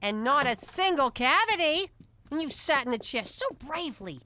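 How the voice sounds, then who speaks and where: A woman's voice: sits high, big pitch swings, normal speed, pushed and bright, full character voice. A woman voicing a sweet, doting mother in a cartoon. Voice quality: sweet and cooing. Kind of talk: cartoon voice acting.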